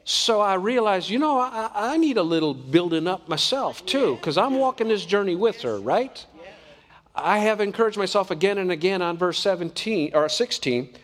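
A man's voice: high voice, lively intonation, moderate pace, long reverb tail. A man preaching a sermon in an earnest, conversational way, often asking the congregation questions.

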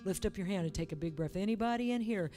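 A woman's voice: mid-range voice, quick pace, dark tone, soft background music. A woman preacher leading a church service, urging and coaxing the congregation in a fervent, repetitive way. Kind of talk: sermon with altar call.

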